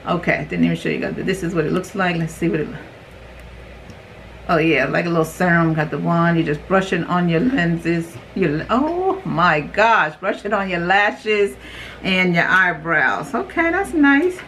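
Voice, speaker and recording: A young adult woman chatting casually while unboxing beauty products, rambling, her voice jumping high when she reacts. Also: animated, moderate pace, a bit bright, a little hiss or hum, low-quality recording. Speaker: beauty vlogger.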